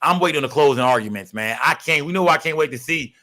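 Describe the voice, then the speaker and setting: A young man hosting a casual livestream, rambling and profane, giving constant shout-outs to his viewers. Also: fairly high pitch, expressive, fast. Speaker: livestream host.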